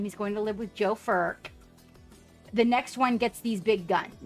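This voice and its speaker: A woman hosting a casual livestream, chatting excitedly as she paints miniatures and greets viewers by name. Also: a little high.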